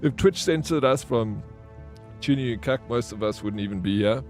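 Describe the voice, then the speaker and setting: With faint music behind him, a man streams a video game live, his mid-range voice a little mellow and moderately paced. He reads and replies to chat, rambling through stories full of fillers and false starts in casual gameplay talk.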